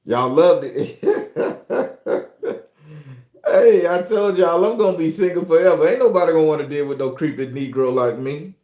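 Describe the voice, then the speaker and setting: A man's voice: a little high, lively intonation, moderate pace, long pauses, roomy sound, muffled recording. A man from southern Florida with a Southern American accent, hosting a casual livestream and chatting loosely with viewers, stumbling when he reads aloud. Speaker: livestream host.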